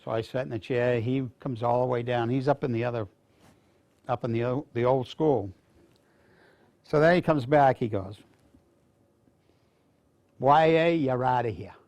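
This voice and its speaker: A man's voice: mid-range voice, normal speed, pauses often, a little mellow. An older man from Maine, a veteran speaking to students, telling folksy stories in a rambling, casual way. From Maine, USA. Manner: rambling, folksy anecdotes with restarts.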